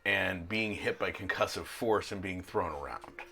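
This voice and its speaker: A man's voice: low-pitched, normal speed, vocal fry, sharp tone. A man narrating as game master in a tabletop role-playing session, laughing often and teasing his players.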